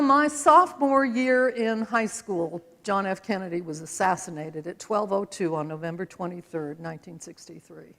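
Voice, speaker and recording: An older woman in her seventies tells her life story with a folksy, easygoing humor. Her medium-pitched voice rings out with the long reverb of a big auditorium. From American West, Utah. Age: 70s. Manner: folksy, conversational, with self-deprecating humor. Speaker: speaker. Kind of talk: personal storytelling talk. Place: stage in a large auditorium.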